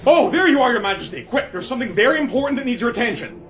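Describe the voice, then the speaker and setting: A man doing a high, placating spy master. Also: animated, rapid-fire, a bit bright. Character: sly spy master, evasive and nervous. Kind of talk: comedy sketch.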